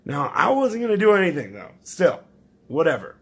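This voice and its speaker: A man telling a rambling, profane comic story, swinging from loud outbursts to low mutters. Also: wildly swooping pitch, normal speed, breathy edge.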